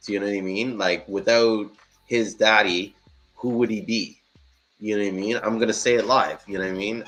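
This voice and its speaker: A man in casual live-stream chat, telling a story in an animated, profane way and laughing often. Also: fairly low pitch.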